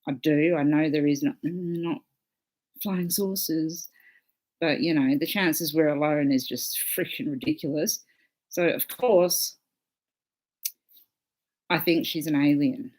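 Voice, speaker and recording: A woman's voice: low-pitched, slow, pauses often, a little mellow. A woman hosting a casual livestream, chatting with viewers in a loose, swearing, laughing way. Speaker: livestream host.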